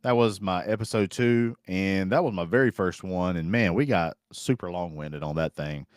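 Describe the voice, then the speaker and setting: A man's voice: sits low, normal speed, smooth, dry recording, clean studio sound. A man hosting a casual live stream, rambling in a folksy way and reading viewer comments aloud. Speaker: host.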